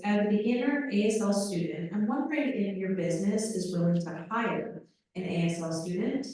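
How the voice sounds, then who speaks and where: A woman's voice: fairly low pitch, dark tone. A woman moderating a live panel, polite and organizing as she passes along questions. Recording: echoey room, far from mic.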